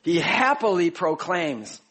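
Pastor, Chicago-raised man, slightly high voice, conversational sermon delivery. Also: very animated, slow, a bit bright, breathy edge. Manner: conversational, explanatory, addresses the congregation directly.

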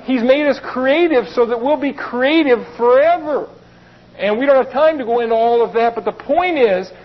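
A man with a very high voice preaching a sermon. He reads Bible verses and breaks into plain, chatty explanations. The recording sounds dull and lo-fi. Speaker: pastor.

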